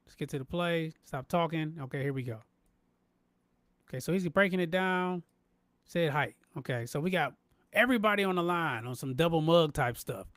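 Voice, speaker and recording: High-voiced, fired-up man hosting sports talk. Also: moderate pace, no room sound. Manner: animated, emphatic, repeats phrases, talks to chat. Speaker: podcast host. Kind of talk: live-stream sports talk.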